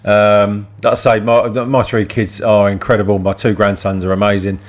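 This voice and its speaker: An older man with a lowish voice, chatting casually with a friend. He tells family stories with plenty of swearing and laughs at his own tales. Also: flat delivery, normal speed. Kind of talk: casual chat.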